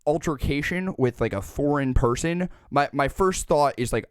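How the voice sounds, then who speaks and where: A young man co-hosting a casual comedy podcast, telling stories in an excitable, profane way. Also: a little high, normal speed, clean tone, dry recording, studio quality. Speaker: podcast co-host.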